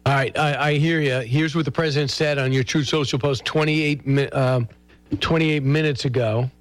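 A man's voice: medium pitch, steady tone, moderate pace, no echo. A man hosting a talk show, asking casual, joking questions. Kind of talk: conversational interview.

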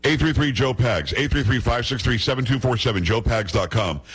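Man hosting talk radio, husky tone, scornful and emphatic, mid-range voice. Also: mid-range voice, expressive, a little fast, fairly bright tone, rough recording. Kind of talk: opinionated talk radio monologue.

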